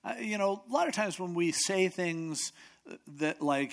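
A man preaching a sermon in a conversational, expressive way, often acting out what people say. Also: on the high side, moderate pace. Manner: conversational, expressive, acts out quotes.

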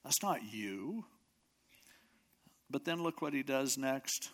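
Expressive man preaching a casual sermon. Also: mid-range voice, slow. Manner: conversational, expressive, acts out quotes.

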